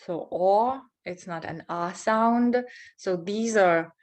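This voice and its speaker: Slow, careful woman teaching pronunciation. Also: medium pitch. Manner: slow, deliberate, repeats words to model sounds. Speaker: English teacher. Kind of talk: pronunciation lesson.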